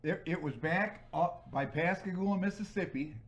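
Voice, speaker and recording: A man's voice: sits high, moderate pace, dull audio. A middle-aged man from the northern United States, a guest telling stories in a folksy, chuckling way. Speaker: guest, host's father. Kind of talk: casual storytelling.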